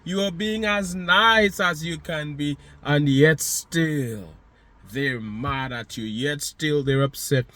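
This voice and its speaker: A man's voice: a little high, slow, pushed and bright, dry recording. A man giving a motivational monologue, speaking to the listener directly with emphatic, repeated phrases.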